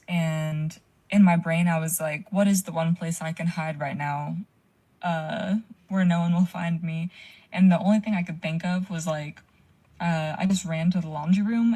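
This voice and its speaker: A young woman calls in to share a frightening personal story, speaking a little slowly in a mellow, lowish voice with fairly even intonation. She tells it casually, swearing and saying "like" a lot.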